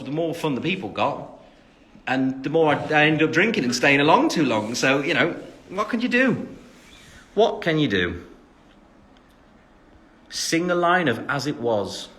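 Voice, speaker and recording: A man's voice: medium pitch, a bit bright. English guy in his 20s rambling on a phone livestream, lots of ums, jokey, laughs at himself. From England. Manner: chatty and rambling, with many fillers and restarts. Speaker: livestream host answering fan comments. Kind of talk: casual livestream chat.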